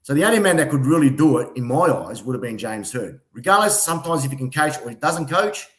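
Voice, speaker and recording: Fast, rambling Australian man. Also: mid-range voice, big pitch swings, echoey room. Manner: rambling, stumbles, repeats words. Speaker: podcast co-host. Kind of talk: heated footy banter.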